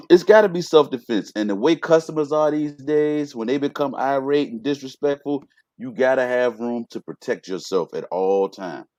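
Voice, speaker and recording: A man's voice: medium pitch, normal speed, no echo. A man co-hosting a podcast, giving blunt, emphatic opinions in casual chat. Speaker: podcast co-host.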